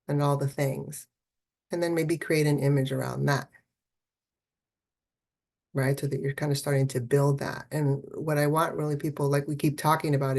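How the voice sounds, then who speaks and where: Woman, low pitch, art therapist, festival talk, encouraging, conversational. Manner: warm, encouraging, often adds "right?".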